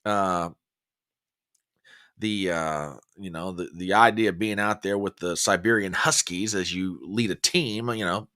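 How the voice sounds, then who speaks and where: A man's voice: fairly low pitch, fairly bright tone. A man hosting a casual live stream, chatting and joking and greeting viewers by name. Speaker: livestream host.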